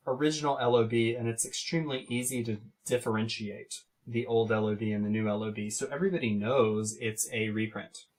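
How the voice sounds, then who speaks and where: A man's voice: mid-range voice, a bit bright, a little hiss or hum. A man hosting a card pack opening, talking in an enthusiastic, chatty way. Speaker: host opening card packs. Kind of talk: casual chat.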